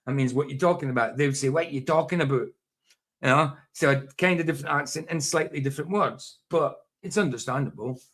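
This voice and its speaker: A man's voice: medium pitch, fast, few pauses, fairly bright tone. A man with a broad Doric Scottish accent from northeast Scotland, chatting casually, laughing often and repeating himself. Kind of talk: casual chat.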